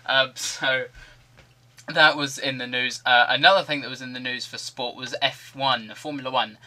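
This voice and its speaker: A man's voice: mid-range voice, steady tone, normal speed, sharp tone. A man giving rambling, jokey commentary over a video game. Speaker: gaming commentator.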